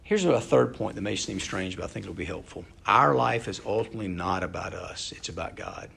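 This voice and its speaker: Guy preaching a sermon, gravelly husky voice, chatty and earnest. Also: low-pitched, expressive, a little fast, fairly bright tone. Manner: conversational, earnest preaching with rhetorical questions. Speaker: pastor.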